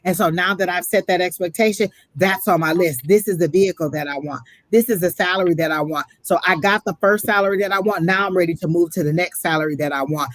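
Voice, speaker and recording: A woman's voice: lowish voice, fast talker, few pauses, no echo. A woman giving a live psychic reading, preaching emphatically and calling the listener honey, emotional and close to tears. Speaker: psychic reader.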